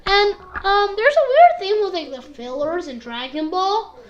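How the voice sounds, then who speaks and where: A woman with a high voice recaps an anime episode in a loose, rambling way. She leans on fillers and hops into snippets of dialogue as she goes. The tone is casual and chatty throughout. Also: animated, lo-fi sound. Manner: rambling, full of fillers and quick impressions. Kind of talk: casual video review.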